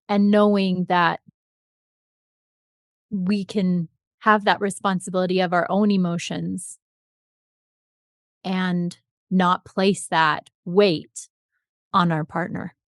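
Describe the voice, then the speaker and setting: A woman's voice: lowish voice, little pitch movement, takes it slowly, pauses often, no room sound, clean studio sound. A woman hosting an interview, responsive and encouraging, with frequent short affirmations. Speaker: interview host. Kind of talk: interview conversation.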